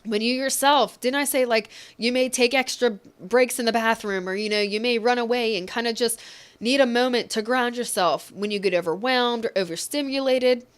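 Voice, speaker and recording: A woman giving an emotional, reassuring tarot reading, speaking gently and getting choked up at times. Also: fairly high pitch, moderate pace, clean tone. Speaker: tarot reader.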